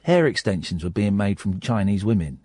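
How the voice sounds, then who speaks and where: A man's voice: fairly low pitch, expressive, fairly quick, a little mellow, slightly rough, no room sound, studio quality. A man with an English accent hosting a talk radio show, joking with mischievous, playful asides. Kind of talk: comedic live radio chat. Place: radio studio.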